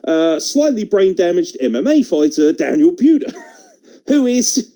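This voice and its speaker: An Englishman co-hosting a wrestling podcast riffs casually, swearing, laughing, and doing impressions. His voice sits high and is very animated, yet unhurried and warm.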